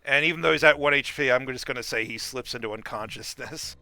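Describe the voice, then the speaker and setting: A man narrating as game master of a tabletop game, animated and laughing often. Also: mid-range voice, quick pace.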